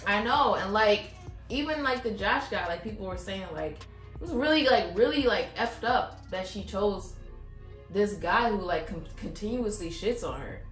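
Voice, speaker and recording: A woman's voice: medium pitch, expressive, normal speed. A woman co-hosting a podcast in casual chat, blunt and sassy, full of "like". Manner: blunt, sassy commentary with lots of "like". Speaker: podcast co-host. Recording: roomy room with faint music.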